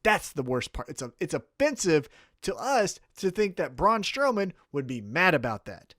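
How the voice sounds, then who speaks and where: Man, wrestling podcast co-host, casual chat, lively swooping delivery, fairly high voice, profane, acts out quotes. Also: normal speed, no echo, clean studio sound.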